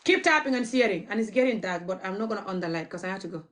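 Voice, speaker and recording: A woman's voice: medium pitch, racing. A woman vlogger, not a native English speaker, ranting bluntly to camera and repeating her points over and over. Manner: blunt, repetitive, stubborn. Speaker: activist vlogger. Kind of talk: impassioned rant to camera.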